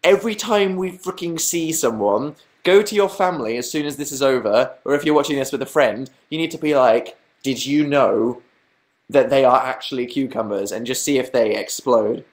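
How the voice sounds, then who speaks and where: A young adult man hosts a livestream, chatting casually in a slightly high, expressive voice. He talks a little fast with few pauses, rambling, poking fun at himself and reading viewers' comments out loud.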